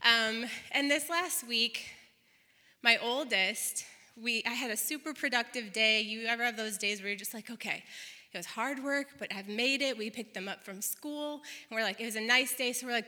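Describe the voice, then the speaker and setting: A woman's voice: on the high side, normal speed, bright, forceful tone. A woman in her thirties preaching a sermon, chatty and laughing now and then as she tells a family story. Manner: chatty, laughs often while telling stories. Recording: long hall reverb.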